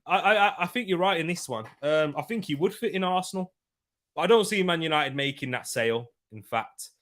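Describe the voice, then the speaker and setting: A young man hosts a live football watchalong in a casual live-stream chat, bantering with viewers, laughing often and reading chat comments aloud. His voice is fairly high-pitched, animated, fairly quick and a bit bright.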